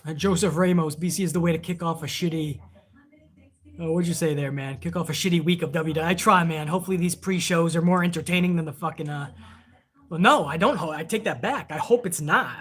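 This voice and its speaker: A man's voice: on the high side, quick pace, a bit bright. A man hosting a live wrestling stream, chatting casually and rambling with plenty of swearing while reading viewer donations aloud.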